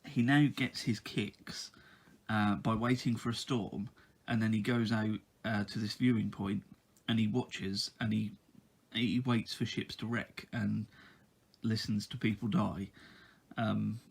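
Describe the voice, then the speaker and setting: A man chatting through a book review in a low, husky voice with a gravelly fry. He hesitates often and fills the gaps with ums and uhs. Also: steady tone, a little slow.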